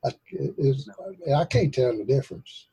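A man's voice: mid-range voice, lively intonation, a little slow, warm tone, slightly rough, low-quality recording. A man with a Tennessee Southern accent, hosting a prayer group over a video call in a folksy, joking way. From Tennessee, USA. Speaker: host of an online prayer group. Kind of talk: casual chat on a video call.

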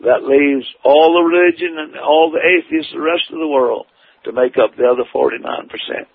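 A man's voice: on the high side, moderate pace, creaky, slightly rough, no echo. A man preaching his testimony in an earnest, emphatic storytelling manner. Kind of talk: testimony sermon. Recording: tinny phone-like radio broadcast.

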